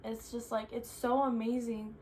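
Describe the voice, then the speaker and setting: A woman's voice: on the high side, little pitch movement, normal speed, darkish tone, a little hiss or hum. A young woman answering viewer questions in casual chat, chatty and full of "like" fillers. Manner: chatty, filler-heavy with frequent "like".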